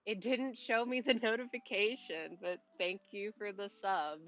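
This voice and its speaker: A woman streaming a game live, chatting casually and rambling, often cutting herself off and laughing softly. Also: mid-range voice, a little slow, highs cut off. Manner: rambling, self-interrupting, chatty with little laughs. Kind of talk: casual live-stream chat while playing.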